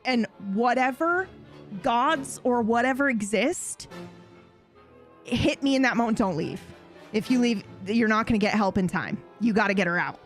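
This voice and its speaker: A young woman telling a story in a casual, animated way, swearing and acting out voices. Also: moderate pace, faint music behind. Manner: animated, swearing, acts out voices with high yelps. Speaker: streamer.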